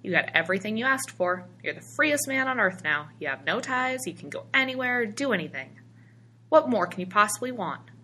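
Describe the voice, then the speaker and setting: A woman voicing a mysterious stranger who speaks slowly and gently, in a read-aloud story. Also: medium pitch, expressive, slight background noise, voice pushed up. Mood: wry. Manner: slow, measured. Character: mysterious little stranger, calm and wise.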